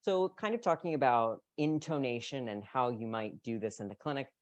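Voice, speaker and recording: A presenter lectures on voice training in an explanatory way, now and then demonstrating pitch patterns aloud. The voice sits at a middle pitch. The sound is dry, with no room echo. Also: moderate pace. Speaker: presenter at a voice care meeting.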